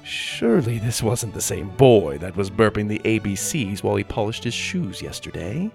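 A male narrator reading a children's story aloud with animated, expressive delivery. His pitch rises and falls in wide, lively sweeps over a mid-range voice, with faint violin music underneath. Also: moderate pace, gravelly.

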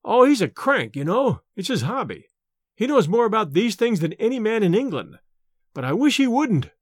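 A man's voice: high-pitched, big pitch swings, moderate pace, no room sound, clean studio sound, voice pushed up. A man voicing a nervous young male student who is shaken and anxious, in a storybook reading.

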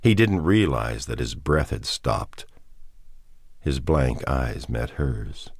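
Very deep-voiced male narrator, measured. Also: very animated, vocal fry, dry recording, studio quality. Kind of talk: scripted audiobook narration.

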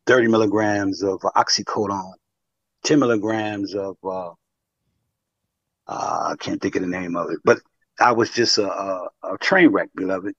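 A man calling in to share his story and advice, speaking haltingly with many pauses and fillers. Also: lowish voice, husky, no room sound, muffled recording. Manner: halting, many fillers, addresses listener as beloved. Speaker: caller. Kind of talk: call-in sharing testimony and advice.

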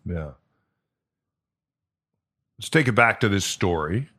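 A man's voice: lowish voice, lively intonation, slow pace, pushed and bright. A man in his fifties hosting a friendly interview, asking rambling questions and reminiscing with his guest. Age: 50s. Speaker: podcast host. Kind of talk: casual interview chat.

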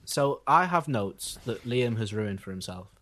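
A young man co-hosting a podcast, giving wry, deadpan song reviews. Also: medium pitch, unhurried. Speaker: podcast co-host. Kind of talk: casual music review chat.

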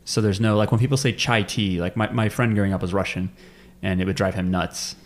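A man's voice: sits low, steady tone, brisk. Rambling man recapping an anime. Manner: rambling with many ums and restarts. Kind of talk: casual anime recap chat.

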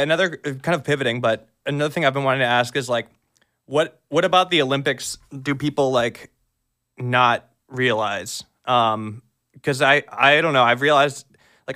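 A man's voice: medium pitch, bright, forceful tone. A man hosting a podcast, asking eager, curious questions in casual chat, often stammering and restarting. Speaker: podcast host.

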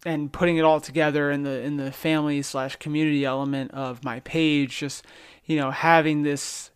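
A man's voice: fairly high pitch, flat delivery, normal speed, clear, resonant tone. A man hosting a podcast, chatting casually, rambling and telling jokes. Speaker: podcast host. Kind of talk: casual chat.

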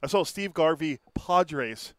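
A man's voice: a little high, expressive, slow, a bit bright, no echo. A man co-hosting a sports talk show, looking up and reading out stats in a matter-of-fact way. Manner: matter-of-fact, reads out numbers.

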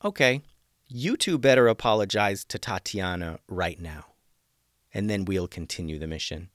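A man voicing a calm, commanding ninja leader in a storybook reading. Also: deep voice, no echo, clean studio sound. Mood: firm. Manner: measured, commanding. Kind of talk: storybook character voice.

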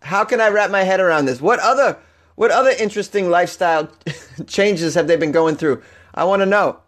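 A man with a thick Boston accent riffs sarcastically on odd news stories, his voice sitting high for a man. He laughs between lines and stumbles through restarts, sounding loose and offhand. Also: brisk, a bit bright. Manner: sarcastic, laughing often, stumbling over words. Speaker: podcast host. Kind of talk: comic news commentary.

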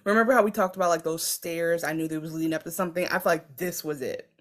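A woman co-hosting a casual podcast, chatty and relaxed, dropping into playful quoted voices. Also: lowish voice, fast. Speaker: podcast co-host. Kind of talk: casual recap chat.

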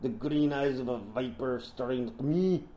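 A man's voice: medium pitch, moderate pace, dark tone, echoey room, lightly acted. A man putting on a grim mock-Russian nobleman. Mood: menacing.

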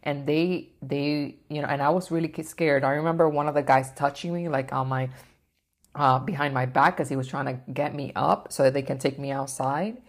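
A woman vlogger with a low-sitting voice recounts a personal experience in a steady tone at normal speed. She rambles as she tells it, full of fillers and restarts.

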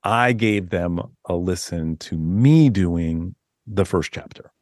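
A man guest on a podcast interview, talking casually as an author, rambling and animated with many restarts. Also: deep voice, takes it slowly, no room sound, studio quality.

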